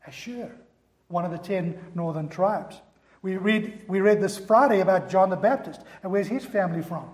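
A male pastor preaching a sermon with animated storytelling. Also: high voice, echoey room, big-room sound.

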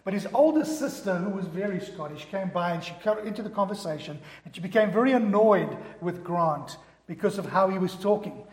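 A man's voice: high-pitched, expressive, brisk, a little mellow. A man from Africa, preaching a conversational sermon full of rhetorical questions. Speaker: pastor. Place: church hall. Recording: echoey hall.

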